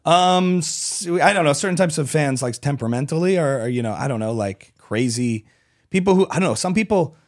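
A man, a comedian guest, talking in a casual podcast chat, animated and rambling with frequent restarts. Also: a little high, brisk.

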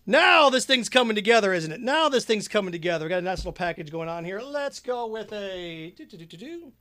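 Mixing a drink as he chats, a man hosting a podcast keeps things jokey and rambling, humming and singing along. His voice is high, sharp, and sing-song, his pace brisk, and there's no echo.

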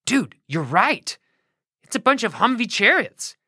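A woman's voice: fairly high pitch, big pitch swings, measured pace, pushed and bright, husky, no echo, studio quality, pitched above the performer's own voice, heavily acted. A woman voicing a bored young male gate guard who talks in an easygoing, slangy way. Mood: chatty.

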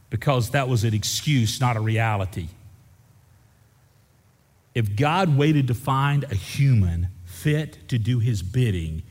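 A man preaching a sermon, building to loud repeated refrains and joking with the congregation. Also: lowish voice, slightly rough. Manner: preaching with rising intensity, repeating phrases. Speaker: pastor. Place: church sanctuary. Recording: church hall with long reverb.

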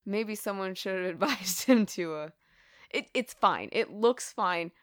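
A woman's voice: medium pitch, expressive, a little slow, no echo, clean studio sound. A woman co-hosting a podcast, casually recapping a film with lots of laughter and swearing. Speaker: podcast co-host.

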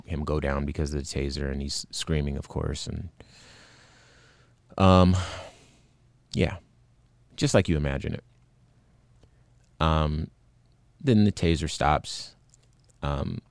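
A man's voice: extremely low pitch, gravelly, darkish tone, no room sound, studio quality. A man hosting a show, recounting a video in earnest, indignant commentary with many fillers and restarts. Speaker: podcast host.

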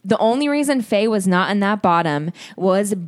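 A woman's voice: medium pitch, lively intonation, moderate pace. Chatty young woman recapping a show. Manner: chatty storyteller, laughs often, acts out quotes. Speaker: podcast co-host. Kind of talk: casual chat recapping a reality show.

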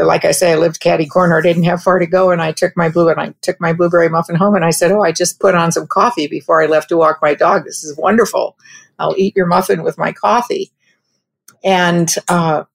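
Gravelly low woman telling a story. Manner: reflective, halting, with frequent restarts. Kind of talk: personal anecdote told conversationally.

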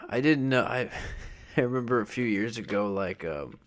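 A man's voice: medium pitch, lively intonation, normal speed. A young man co-hosting a podcast, telling self-deprecating stories in casual chat. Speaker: podcast co-host. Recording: faint background noise.

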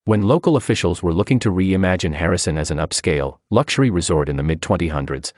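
A man reading a feature article aloud as scripted narration, in an expressive storytelling manner. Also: low-pitched, quick pace, no room sound, studio quality.

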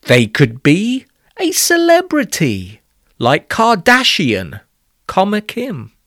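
A man's voice: sits high, wildly swooping pitch, slow pace, a bit bright, dry recording, clean studio sound, voice pushed up, exaggerated voice. A man voicing a cheerful, optimistic girl in a rhyming storybook. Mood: hopeful.

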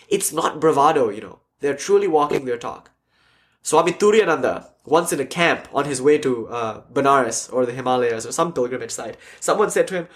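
A man's voice: mid-range voice, normal speed. A man giving a casual lecture as a spiritual teacher, telling stories animatedly and acting out quotes. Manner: animated storytelling, acts out quotes. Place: class with online audience.

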